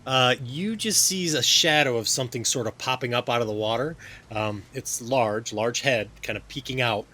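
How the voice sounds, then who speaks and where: A man's voice: medium pitch, moderate pace. A man narrating as game master in a casual online tabletop session, laughing often. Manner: laughs often, relaxed and chatty.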